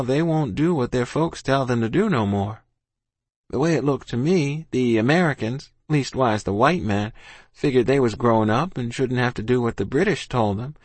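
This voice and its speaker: A man reads a first-person tale in a homespun rural dialect, easygoing and plain-spoken. His voice sits at an ordinary middle pitch. The sound is close and dry, with no room around it. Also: dry recording. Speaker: audiobook narrator. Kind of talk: first-person storybook narration.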